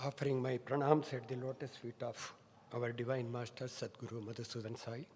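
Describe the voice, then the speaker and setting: A middle-aged man giving a formal welcome speech as a medical college director, measured and full of honorifics. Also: mid-range voice, level tone, a little mellow, a little hiss or hum. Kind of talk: formal ceremonial address. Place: large hall. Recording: long hall reverb.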